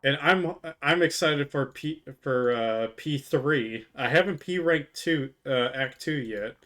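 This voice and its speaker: A man's voice: mid-range voice, takes it slowly, fairly bright tone. A man streaming live while drinking, chatting casually to his chat, laughing often, swearing and rambling with many restarts. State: drunk.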